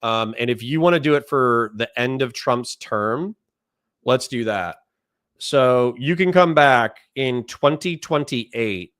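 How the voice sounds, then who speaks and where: A man's voice: mid-range voice, expressive, slow, fairly bright tone, no room sound, studio quality. A man hosting a livestream, reacting sarcastically with rhetorical questions and reading chat messages aloud. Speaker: streamer host.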